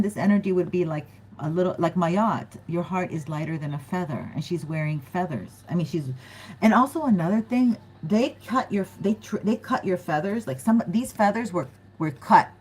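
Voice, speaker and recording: A woman's voice: on the low side, normal speed, a little mellow, breathy edge, low-quality recording. A woman giving a casual, chatty tarot reading to her viewers, often giggling and acting out what other people might say. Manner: chatty, giggly, acts out quoted voices. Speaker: tarot reader.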